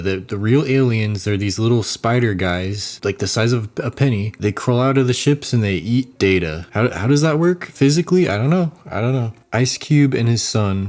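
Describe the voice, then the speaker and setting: A man's voice: fairly low pitch, a little mellow. A young man giving casual, mocking commentary as a video creator, rambling loosely and chuckling often. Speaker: YouTuber reviewing a movie while sculpting.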